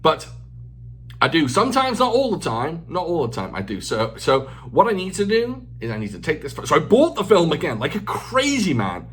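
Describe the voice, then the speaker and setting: A man's voice: a little high, wildly swooping pitch, normal speed, a bit bright, slight background noise. A man in his forties hosting a casual vlog, talking off the cuff in a self-mocking rant, swearing freely and repeating phrases for emphasis. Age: 40s. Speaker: channel host. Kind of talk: casual unscripted vlog talk.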